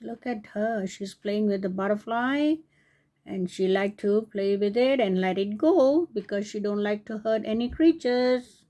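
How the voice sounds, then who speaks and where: A woman reading a fairy tale aloud for children, slowly and gently, stopping to talk to her young listeners. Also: mid-range voice. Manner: slow, with chatty asides to young listeners. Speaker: storyteller on a kids' channel.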